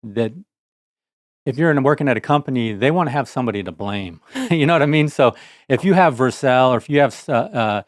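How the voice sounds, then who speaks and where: Plainspoken mid-pitched engineer. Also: male voice, animated, dry recording, clean studio sound. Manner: measured, plainspoken, with frequent fillers. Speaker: engineer, podcast co-host. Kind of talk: casual tech podcast chat.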